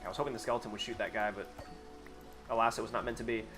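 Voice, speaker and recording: A man's voice: fairly low pitch, steady tone, rapid-fire, loud music behind the voice. Profane, sarcastic male gaming streamer. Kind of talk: casual live gaming stream chatter.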